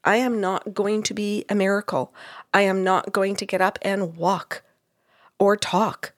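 A woman, a psychic medium, telling a story in casual conversation, animated and laughing often. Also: medium pitch, measured pace, dry recording, clean studio sound. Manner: animated, laughs often, quotes others in dialogue. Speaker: psychic medium, podcast co-host.

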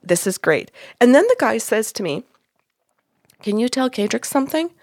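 A woman podcast host telling a story in a casual way, lively, acting out what others said in her own voice. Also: fairly high pitch, moderate pace, dry recording, clean studio sound.

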